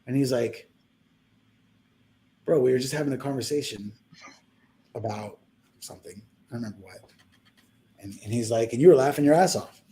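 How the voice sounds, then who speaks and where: A man's voice: mid-range voice, animated, a little fast, pauses often, dark tone. A young man telling a personal story in a casual podcast chat, rambling and heartfelt, acting out the people he quotes.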